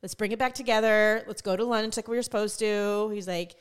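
A woman's voice: medium pitch, steady tone, brisk, clean tone. A woman co-hosting a podcast in casual chat, speaking frankly and swearing freely as she tells her stories. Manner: frank, candid storyteller who swears freely. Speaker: podcast co-host.

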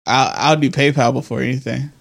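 A man in his thirties co-hosting a casual, explicit podcast, telling stories with lively energy, reading texts aloud and laughing often. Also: medium pitch, a little fast, vocal fry. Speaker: podcast co-host.

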